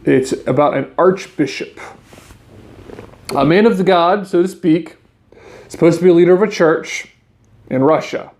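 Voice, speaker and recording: A man's voice: on the high side, normal speed, pauses often, darkish tone. A man hosting a podcast, casually commenting on the news and reading articles aloud in a conversational way. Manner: conversational, restarts and fillers, speaks to listeners as guys. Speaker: podcast host.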